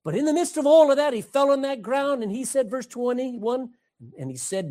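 A man's voice: extremely high pitch, expressive, normal speed, dark tone. A man preaching a sermon, reading scripture and calling out emphatically to his congregation.

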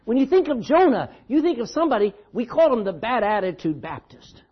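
A man's voice: extremely high pitch, animated, brisk, slightly rough, lo-fi sound. A man preaching a sermon in a church, telling the story dramatically and with emphasis. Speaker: pastor.

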